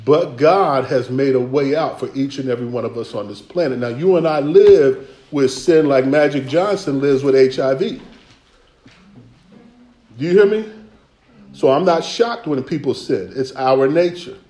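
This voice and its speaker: This preacher's voice is warm, medium in pitch, and moderately paced, recorded in the echo of a church sanctuary. He keeps a conversational rhythm and regularly calls out to ask if the congregation hears him.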